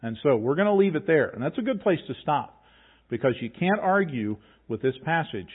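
A man's voice: a little high, very animated, brisk. A man preaching a sermon to his congregation in a conversational, emphatic way, reading scripture aloud and pressing his points home. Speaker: pastor. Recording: tinny phone-like sound.

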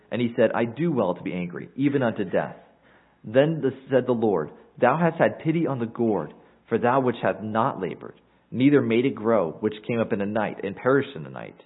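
A man with a husky voice preaches an earnest sermon, walking through scripture verse by verse. The recording is thin and tinny, like a phone line. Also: medium pitch. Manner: earnest expository preaching, reading scripture aloud.

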